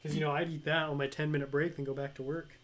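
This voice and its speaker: A young adult man co-hosting a livestream, joking and telling stories in a relaxed, casual way. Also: a little high, very fast. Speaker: livestream co-host.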